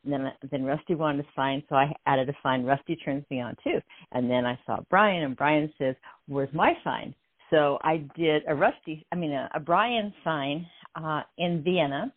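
An older woman tells her story down a tinny phone line. Her voice sits low, and she talks in an animated way and often breaks into laughter. The sound is dry and close. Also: moderate pace, no room sound. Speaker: guest. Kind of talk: telling a story.

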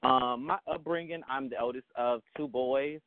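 A man's voice: mid-range voice, moderate pace, no echo. A thirty-year-old man from Dallas with a Southern Texas accent, a female impersonator answering interview questions in a sassy, drawling way. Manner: sassy, drawling, calls people baby. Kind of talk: casual interview. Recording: dry, tinny phone line.

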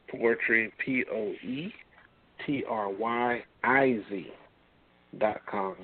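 Low-voiced man on a hissy phone line. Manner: easygoing, agreeable, spells things out slowly. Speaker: guest poet, website founder. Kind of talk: casual call-in chat. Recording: tinny phone line with faint hiss.

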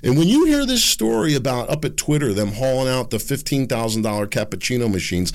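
A sarcastic male commentary host ranting with exasperation. His voice is gravelly and swings widely in pitch as he works himself up. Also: sing-song, brisk, few pauses. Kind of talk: political commentary rant.

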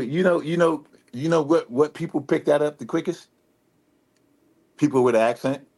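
A man with a Detroit accent, guest on a radio interview, talking in a relaxed, rambling way full of fillers and restarts. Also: fairly high pitch. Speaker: rapper guest. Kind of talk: casual interview talk.

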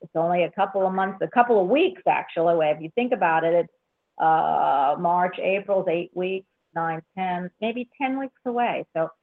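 A woman's voice: lowish voice, normal speed. Effusive woman host chatting with callers, heard over a thin, tinny phone line. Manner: gushing, effusive, laughs often. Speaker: radio show host. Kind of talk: casual call-in chat.

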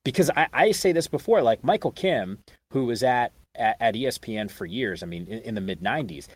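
A man's voice: mid-range voice, expressive, brisk, slightly rough, no echo. A man hosting a podcast, talking earnestly in a casual interview. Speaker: podcast host.

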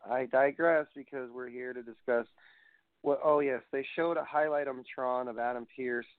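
A man hosts a casual solo wrestling review show, rambling and wandering off on tangents as he reads out results. His medium-pitched voice is steady at normal speed, with no room sound and a tinny, phone-like dry quality.

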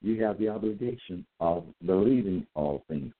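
A man's voice: deep voice, lively intonation, moderate pace. A man giving a solo lecture, reading out verses, repeating his points and asking listeners whether they got it. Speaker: self-styled preacher. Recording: tinny phone-like audio.

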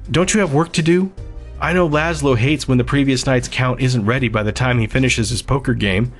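A man's voice: medium pitch, a little fast, faint music behind, close to an everyday voice. A man voicing a teasing, flirtatious female casino waitress with a smoky, sultry way of speaking. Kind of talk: audiobook character voice.

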